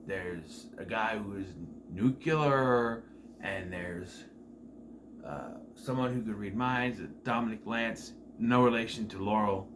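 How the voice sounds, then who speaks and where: A man with a lowish voice reviews a TV season slowly and casually, with background noise behind him. He rambles, filling his talk with fillers and self-corrections and now and then a wry, incredulous aside.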